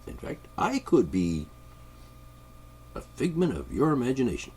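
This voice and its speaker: A man's voice: mid-range voice, wildly swooping pitch, a little slow, a little mellow, slight background noise. A man with congested sinuses, delivering a sarcastic, rambling political monologue from his studio. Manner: sarcastic, mocking, chuckling. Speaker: podcast host. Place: home studio.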